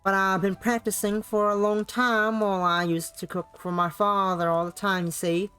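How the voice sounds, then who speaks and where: Lady doing a soft southern-drawl hostess, earnest and gentle, lowish voice. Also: fairly even intonation, unhurried, clean tone, faint music behind. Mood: sweet. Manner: soft and serious.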